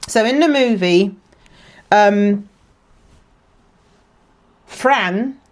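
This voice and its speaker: A woman giving a casual tarot reading to camera, chatty and rambling, with many fillers and restarts, emotional and quick to laugh. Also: medium pitch. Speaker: tarot card reader.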